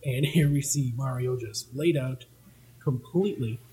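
Male host, husky voice, casual comic read-through with a laugh. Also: mid-range voice, measured pace, warm tone, poor audio. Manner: laughing, joking commentary.

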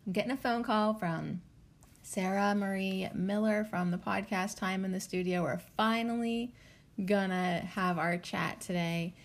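A woman's voice: medium pitch, fairly even intonation, measured pace. A woman hosting a casual solo podcast, chatty and bubbly, rambling with lots of fillers and little giggles. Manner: loose, rambling talk with many fillers. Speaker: podcast host.

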